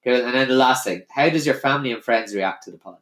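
A man's voice: mid-range voice, fast talker, a bit bright. A man hosting a casual podcast chat, swearing freely and reading out listener questions. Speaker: podcast host. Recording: roomy echo.

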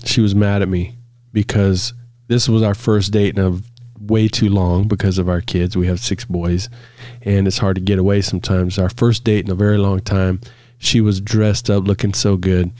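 Man, low voice, couples therapist, podcast chat, storytelling, dry close mic. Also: moderate pace, no room sound. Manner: relaxed storytelling, laughs often. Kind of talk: casual podcast conversation.

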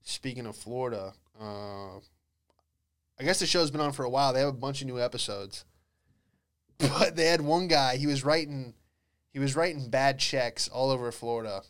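A man's voice: medium pitch, moderate pace, a bit bright, clear, resonant tone. A young man hosting a podcast, telling rambling comedic stories in a laid-back way and acting out voices. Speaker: podcast host. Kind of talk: casual comedic monologue.

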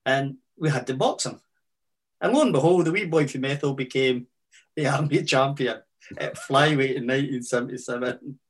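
A man in his sixties with a Fife Scottish accent, telling army boxing stories as a guest in a casual interview, with halting restarts and broad Scots words. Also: medium pitch. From Scotland.

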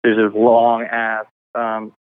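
A man's voice: fairly low pitch, monotone, takes it slowly, smooth. A man from the Dominican Republic, a podcast guest, chatting in a laid-back, rambling way over a remote call. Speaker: podcast guest, business owner. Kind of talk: casual chat. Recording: tinny phone-like call audio.

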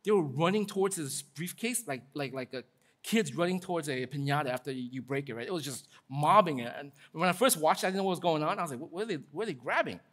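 A man pastor delivering a sermon in a lively, conversational way, acting out quotes with casual asides. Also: on the high side, fast talker.

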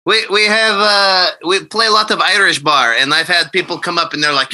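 A man's voice: high voice, steady tone, moderate pace, few pauses, sharp tone, poor audio. A man from Ukraine, a musician guest chatting casually, laughing often and joking. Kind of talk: casual chat.

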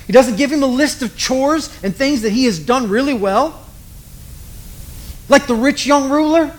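A man preaching a sermon, telling a story dramatically with emphatic pauses and repetition. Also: very high-pitched.

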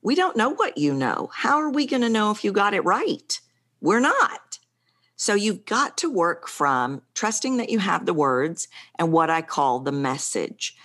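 In a chatty interview, a middle-aged female speaking coach speaks in a mid-range, sing-song, slightly bright voice. She talks a little slowly but with animation, changing her tempo to stress her points.

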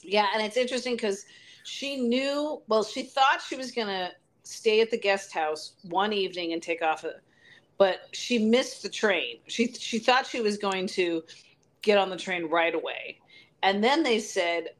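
A woman with a middle-pitched voice in a relaxed book chat. She retells the plot and acts out the characters' lines as she goes. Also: unhurried. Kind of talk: casual book discussion.

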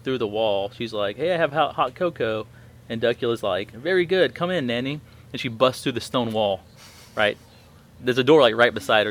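A man's voice: medium pitch, fairly bright tone. A man in his thirties hosting a podcast, telling a story in a rambling way with many fillers and restarts. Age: 30s. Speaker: podcast host. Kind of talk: casual chat.

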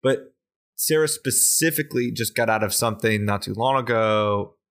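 A man's voice: on the low side, moderate pace, a bit bright. A man co-hosting a podcast, casually telling a long story and swearing now and then. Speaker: podcast co-host. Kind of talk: casual chat.

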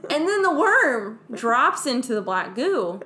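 A woman podcast host recapping a film in casual chat, animated and peppered with "like". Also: on the high side, unhurried. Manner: animated, frequent "like", laughs between lines.

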